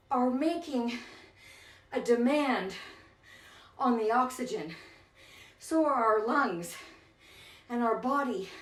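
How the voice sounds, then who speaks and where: An out-of-breath spin instructor, a woman with a fairly high voice, coaches a bike workout indoors from an exercise bike, counting down intervals and offering encouragement. The room is echoey and she's far from the mic, off-axis.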